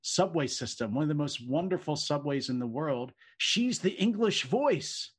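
A man's voice: fairly high pitch, lively intonation, moderate pace, husky. A man co-hosting a podcast in a casual, joking, chatty way, often laughing. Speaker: co-host, law professor. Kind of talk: casual chat.

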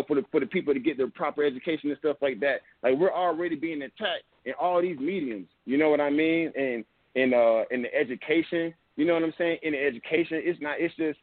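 A man's voice: a little high, no room sound. A young man hosting a podcast, talking earnestly in a rambling, casual way and often saying "you know what I'm saying". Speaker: podcast host. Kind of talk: casual opinion talk. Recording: dry, tinny phone-like sound.

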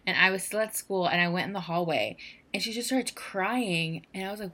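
A woman's voice: on the low side, lively intonation, fairly quick, bright, forceful tone. A young woman co-hosting a podcast, talking casually with lots of fillers and some swearing. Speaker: podcast co-host. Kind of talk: casual chat.

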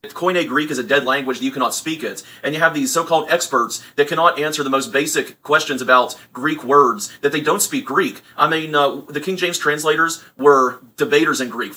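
A man's voice: medium pitch, bright, forceful tone. A man speaking as a debater, mocking and scornful in tone. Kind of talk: debate remarks.

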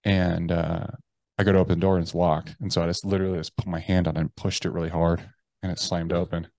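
A man, a podcast guest, telling a personal story bluntly and profanely, with halting restarts. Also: sits low, flat delivery, darkish tone, dry recording. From United States. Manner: blunt and profane, with slangy address.

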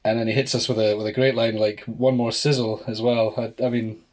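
A man's voice: mid-range voice, little pitch movement, a little fast, a little mellow. A man co-hosting a casual podcast, playful and teasing, laughing often. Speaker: podcast co-host. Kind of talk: casual chat.

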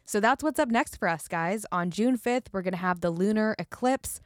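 A woman's voice: mid-range voice, moderate pace, dry recording, clean studio sound. A woman co-hosting a podcast in a casual, upbeat and playful chat. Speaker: podcast co-host.

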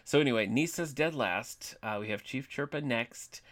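A man's voice: medium pitch, moderate pace, a bit bright. A man co-hosting a podcast in casual chat, easygoing as he reads out poll results. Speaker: podcast co-host.

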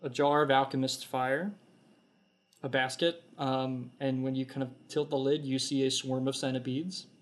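A man at a medium pitch runs a tabletop game as its game master. He narrates the scene with frequent ums and small restarts. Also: fairly even intonation, normal speed. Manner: hesitant with many ums, voices the kobolds.

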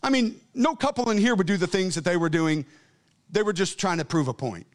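Fervent preacher man with a lively pitch. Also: fairly quick. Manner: fervent, swings from quiet to loud; conversational storytelling. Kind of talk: sermon. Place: church service.

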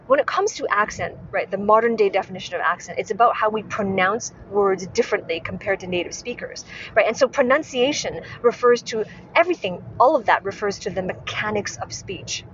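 Woman, podcast host, speech coach, instructive monologue, keeps asking "right?", mid-pitched voice. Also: animated, moderate pace, highs cut off, a little hiss or hum. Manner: frequent tag questions, self-corrections.

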